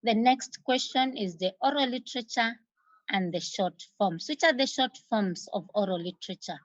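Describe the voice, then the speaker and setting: A woman teacher with a Kenyan accent giving an exam revision lesson, repeating key terms slowly for emphasis. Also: on the high side, dry recording. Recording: dull lo-fi recording.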